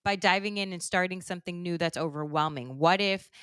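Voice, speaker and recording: A woman hosts a casual podcast chat in a low, smooth, resonant voice. She talks with open emotion, gushing and laughing. The sound is dry and close. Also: brisk, a bit bright, dry recording. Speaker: podcast host.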